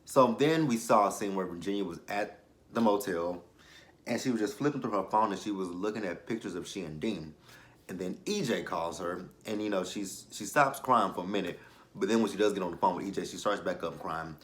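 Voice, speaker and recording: Man, lowish voice, casual TV recap, cursing, slangy, lots of ums and laughs. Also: fairly quick. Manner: loose, profane, laughing, with slang and many fillers. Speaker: TV episode reviewer, channel host.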